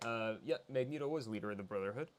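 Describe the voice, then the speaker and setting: A man's voice: medium pitch, fast talker, a little hiss or hum. Easygoing man guest chatting. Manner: easygoing, breaks into camp voice impressions. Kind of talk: casual chat.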